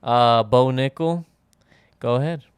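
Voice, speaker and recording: A man hosting a podcast in casual chat, laid-back and quick to laugh. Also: mid-range voice, clean tone, dry recording. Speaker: podcast host.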